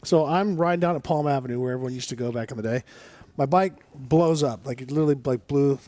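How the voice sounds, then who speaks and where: A man co-hosting a casual chat, telling animated stories. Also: medium pitch, fast, no echo. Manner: animated storyteller. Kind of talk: casual storytelling.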